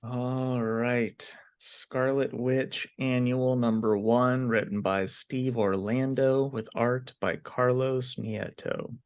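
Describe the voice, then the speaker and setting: Laid-back male podcast co-host, slow delivery, lower voice, dry close mic. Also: clean tone, no room sound. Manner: relaxed, unhurried, frequent fillers. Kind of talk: casual comic book review chat.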